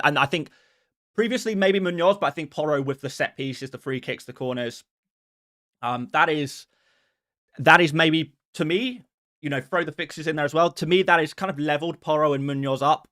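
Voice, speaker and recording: Male fantasy football streamer, casual rambling live chat, fairly high voice. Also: fairly bright tone, dry recording, clean studio sound. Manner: rambling, with many restarts and fillers.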